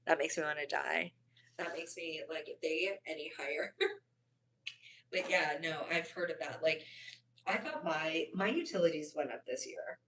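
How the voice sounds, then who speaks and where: A young woman with a low voice talks casually on a livestream and answers comments from her viewers. Her talk rambles, full of fillers, restarts and asides. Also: moderate pace, a bit bright, slight background noise. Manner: rambling, chatty, many fillers and self-corrections.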